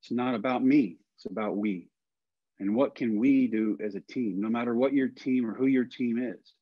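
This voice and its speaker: A man in his forties from Texas tells a story in a folksy way, acting out the people in it as he goes. His voice sits at a middle pitch. The recording is dry and a bit dull on top. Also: moderate pace, no room sound. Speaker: guest. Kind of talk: storytelling in a podcast interview.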